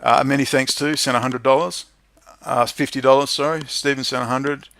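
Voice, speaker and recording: Male streamer, heated profane rant, mid-pitched voice, dry close sound. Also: steady tone, moderate pace, creaky, dry recording. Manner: profane, heated, swings between muttering and shouting. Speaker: livestream host. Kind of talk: ranting monologue to viewers.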